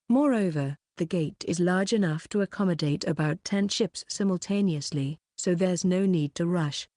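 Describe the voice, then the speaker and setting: A woman with a lowish voice narrates a light novel in a steady, even read. She keeps the dialogue plain rather than acting it out. The recording is close and dry, with no room sound. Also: moderate pace, dry recording. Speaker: audiobook narrator. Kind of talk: scripted narration.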